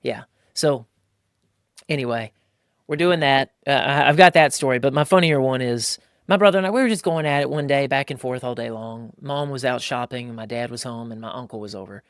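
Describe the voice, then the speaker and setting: A man in his forties, a father and podcast host, telling family stories in a lively casual way and laughing often. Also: mid-range voice, fairly quick, clear, resonant tone, no echo, clean studio sound. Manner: animated storyteller, often laughing. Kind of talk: casual chat.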